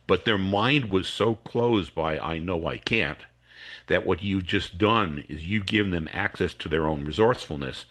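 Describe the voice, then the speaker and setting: With a deep, slightly rough and somewhat bright voice, the educator and coach explains a technique on a podcast. He acts out students' and teachers' lines while he talks.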